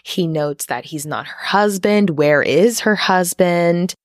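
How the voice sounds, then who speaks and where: A woman's voice: lowish voice, takes it slowly, no room sound, clean studio sound. A woman co-hosting a podcast, recapping a film in a chatty, casual way with lots of fillers and the odd swear. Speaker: podcast co-host.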